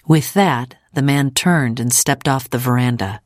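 A woman narrating a storybook in an expressive, steady reading. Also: rumbling low, measured pace, no room sound, clean studio sound.

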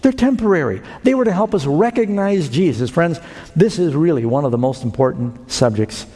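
A man's voice: on the high side, expressive, normal speed, dark tone. A man preaching a sermon, earnest and emphatic, telling a story to his congregation. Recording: long hall reverb.

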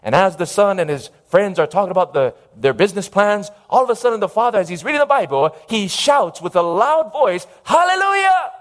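A male preacher delivers a sermon in a high voice. He speaks emphatically and stops often to call out for an amen from his listeners. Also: animated, fairly quick, few pauses. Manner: emphatic, calls for audience amens.

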